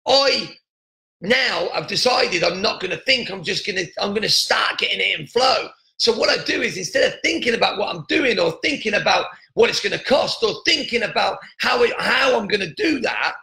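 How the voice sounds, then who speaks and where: An earnest man talks through a motivational podcast monologue, circling back and restarting his sentences. His voice sits high and bright, with a gravelly rasp in it. The room around him is echoey. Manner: earnest, repetitive, many restarts. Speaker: podcast host.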